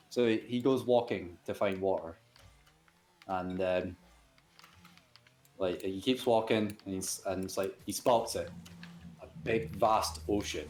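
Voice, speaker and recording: A man hosting a comedy stream, making up a story on the spot in a halting, rambling way and laughing at himself. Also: lowish voice, a little mellow. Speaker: host and storyteller. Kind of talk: improvised comedy narration.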